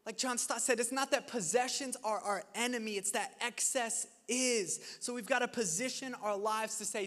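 High bright-voiced preacher in a reverberant hall. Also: male voice, moderate pace, hardly any pauses. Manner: earnest and conversational, laughs at his own stories. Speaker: pastor. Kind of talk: sermon. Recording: long reverb of a large hall.

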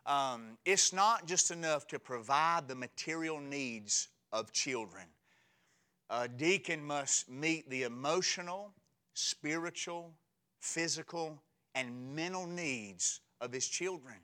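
A man in his forties preaching a sermon as pastor, telling humorous stories in a lively, conversational way. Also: fairly high pitch, slow pace, smooth.

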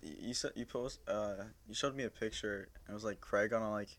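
A man's voice: lowish voice, fairly quick, a bit bright, a little hiss or hum. A man in a casual podcast chat, talking hesitantly and filling gaps with "like". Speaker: podcast guest.

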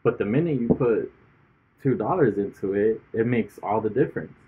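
A man arguing his case in casual conversation, his low voice breathy and husky. He builds emphasis through repetition. The audio is narrow and tinny, close to a phone call. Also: lively intonation, moderate pace. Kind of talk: casual chat.

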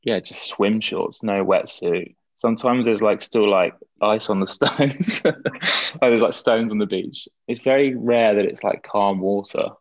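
A man's voice: on the low side, unhurried, no room sound. A young man, a guest in a casual interview, talking in a rambling way with many fillers and restarts.

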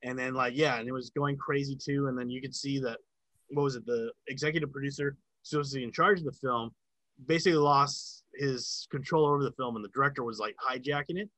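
A man's voice: medium pitch, fast talker, pushed and bright, no echo, low-quality recording. A man in casual chat, telling a long story about working sound on a film set, with lots of filler words and swearing.

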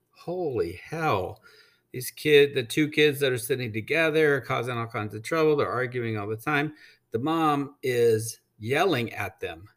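A man's voice: mid-range voice, fairly bright tone. A man telling a casual travel story, blunt and rambling, with frequent swearing and filler words. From United States. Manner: blunt, swears freely, rambling with many ums. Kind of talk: casual anecdote.

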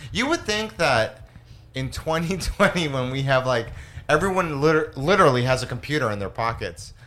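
Sarcastic man, lively voice. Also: medium pitch, normal speed, slight background noise. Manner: sarcastic, teasing. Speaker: stand-up comedian guest. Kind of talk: casual chat. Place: home studio.

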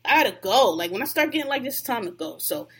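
A woman's voice: fairly high pitch, big pitch swings, quick pace, breathy edge. A woman on a podcast venting at length in a heated, profane, casual rant.

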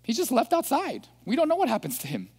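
A man's voice: extremely high pitch, huge pitch swings, quick pace, darkish tone, husky. A man preaching a sermon in a reflective way, putting questions to his listeners.

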